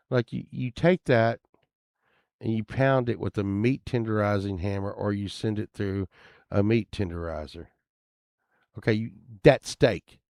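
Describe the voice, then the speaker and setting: A man's voice: fairly low pitch, moderate pace, darkish tone, dry recording, clean studio sound. A man rambling casually as he browses items online, grumbling and swearing now and then. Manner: meandering, grumbling asides, occasional swearing. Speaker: vlogger.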